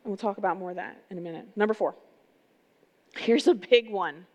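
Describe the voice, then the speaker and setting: A woman's voice: medium pitch, brisk, lo-fi sound. Woman preaching in a reverberant hall. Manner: energetic, conversational, asks the crowd rhetorical questions. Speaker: pastor. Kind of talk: sermon. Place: church sanctuary. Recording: long reverb of a large hall.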